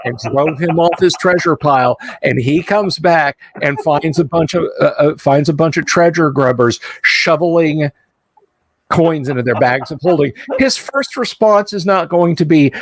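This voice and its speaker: Male host of a casual games livestream; animated raconteur, dry close mic. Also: a little high, normal speed, no room sound. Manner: animated storyteller, acts out quoted voices. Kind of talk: casual chat about tabletop games.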